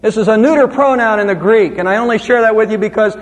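A man preaching an expository sermon, with lively, rising and falling emphasis. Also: high-pitched, fast talker, in a large hall. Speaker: pastor.

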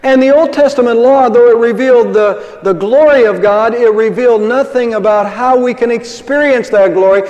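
A man's voice: extremely high pitch, normal speed, few pauses, a little mellow, lo-fi sound. An older man preaching a sermon as pastor, conversational, asking the congregation rhetorical questions. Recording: long reverb of a large hall.

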